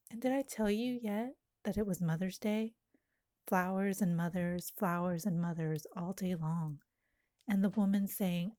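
A woman reads a poem aloud in an intimate, lyrical manner, lingering on images. Her voice is warm and mellow at a middle pitch. The sound is dry and close, with no room echo. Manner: slow, lyrical, intimate delivery. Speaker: poet. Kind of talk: poetry reading.

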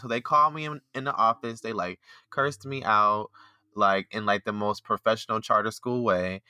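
A man telling a story in casual chat, animated and full of fillers. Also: mid-range voice, moderate pace, no echo, clean studio sound. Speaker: podcast co-host, former teacher.

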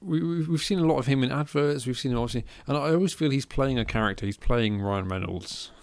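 A man with a mid-range voice talks fast as a co-host on a casual film podcast. He sounds chatty and amused, frequently restarting his sentences, and the recording is dry.

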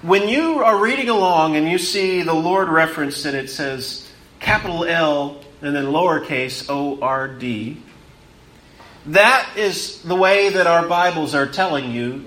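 A man delivers a sermon in a high, bright voice, slow and deliberate. He swells on key words, then drops low and hushed, repeating phrases for emphasis. The room around him is echoey. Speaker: preacher.

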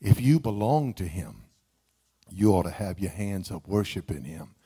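A male pastor preaching an animated sermon in a church, calling out to the congregation. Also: sits low, normal speed, breathy edge. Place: church auditorium.

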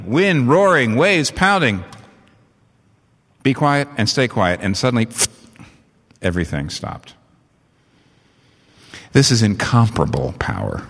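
A man preaching a sermon, animated and leaping up in pitch to stress his points. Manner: animated, rising in pitch for emphasis. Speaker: pastor. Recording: long hall reverb.

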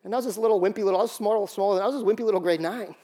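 A man pastor preaching a sermon, animated and storytelling, acting out quoted voices. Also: sits high, racing.

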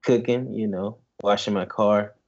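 A man's voice: fairly low pitch, steady tone, measured pace, a little mellow, lo-fi sound. A man co-hosting a podcast, answering in a laid-back, chuckling way. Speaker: podcast co-host. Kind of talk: casual banter.

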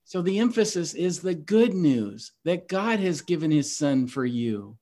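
Brief: male podcast host, preacherly and emphatic, slightly higher voice. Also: very animated, measured pace, mellow. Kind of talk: Bible teaching podcast.

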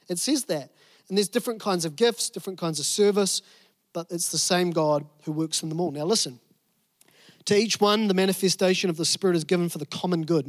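A man preaching a sermon, telling a personal story with animated emphasis and repeated phrases. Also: high voice, no echo, studio quality. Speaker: pastor. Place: church service room.

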